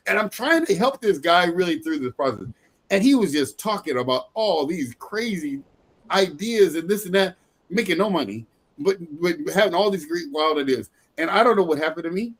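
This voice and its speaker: A man's voice: high-pitched, animated, normal speed, a bit bright. A middle-aged man giving a motivational sales training talk, emphatic and repetitive, often breaking into laughter.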